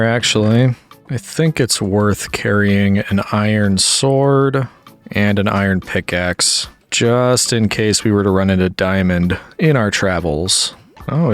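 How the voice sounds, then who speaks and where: Guy with a lowish voice doing laid-back gameplay commentary, just chatting and thinking out loud. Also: unhurried, faint music behind. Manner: relaxed, chatty, thinking aloud. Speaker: gaming YouTuber.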